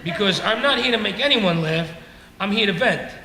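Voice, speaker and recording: Animated and high-voiced at a moderate pace, a middle-aged man delivers a stand-up set, ranting with exasperation and self-mockery to a laughing comedy club audience. The background is noisy, and the echoey room adds reverb.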